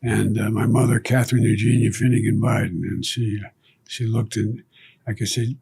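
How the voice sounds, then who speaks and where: An older man, a guest, recalling childhood stories in a relaxed conversation, often dropping to a low murmur. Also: moderate pace, creaky, breathy edge. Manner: reflective anecdotes, trailing to a low murmur. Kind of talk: storytelling in conversation.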